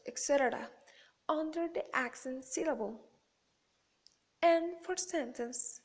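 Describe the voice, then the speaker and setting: Woman reading out a class presentation, high voice, slow and careful. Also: a little mellow. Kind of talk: read-aloud class presentation.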